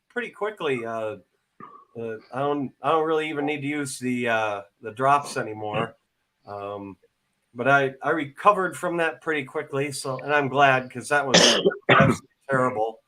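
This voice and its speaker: A man's voice: medium pitch, moderate pace, sharp tone, poor audio. A man in a casual online panel chat, speaking hesitantly with many fillers. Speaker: panel participant.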